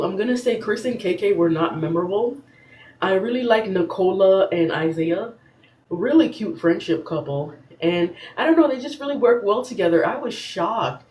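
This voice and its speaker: A young woman hosting a casual recap show, talking in a sassy, animated way and laughing as she goes. Her voice sits at a middling pitch and rings in an echoey room. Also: a little hiss or hum. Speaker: podcast host.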